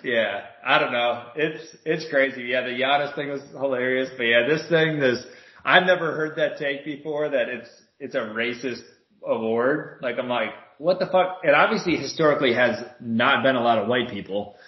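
Animated man in casual sports chat. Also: medium pitch, moderate pace. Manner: animated, swears a lot, heated storytelling. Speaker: podcast co-host. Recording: roomy, dull lo-fi sound.

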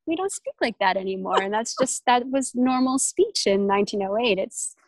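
A woman's voice: a little high, lively intonation, normal speed, no room sound, poor audio. A young woman co-hosting a podcast, chatting casually with many restarts and fillers. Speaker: podcast co-host. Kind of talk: casual chat.

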